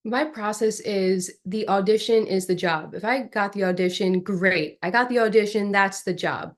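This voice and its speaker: Young actress, guest, animated storyteller, average pitch. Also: female voice, moderate pace. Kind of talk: storytelling in an interview.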